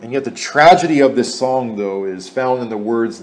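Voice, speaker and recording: A man's voice: medium pitch, normal speed, few pauses. A man preaching a sermon in an earnest way, repeating phrases for emphasis.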